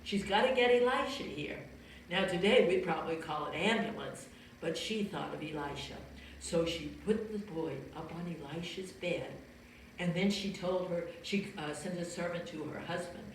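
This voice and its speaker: A woman telling a Bible story to children in a gentle storytelling manner, explaining as she goes and asking her listeners questions. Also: on the low side, moderate pace. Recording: very echoey room, far from mic, faint noise.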